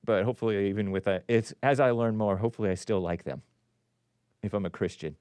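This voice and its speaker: Male call-in host, sarcastic and rambling; lively swinging pitch, smooth close-miked voice. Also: no echo. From California. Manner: sarcastic, rambling, chuckling asides. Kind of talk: casual live-stream commentary.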